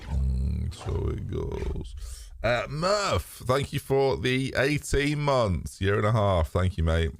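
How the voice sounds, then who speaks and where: A man's voice: lowish voice, wildly swooping pitch, takes it slowly, vocal fry. A British man hosting a live stream, chatting candidly to his viewers in a rambling way, swearing freely and laughing often. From Britain. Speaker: streamer and host. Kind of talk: casual live-stream chat.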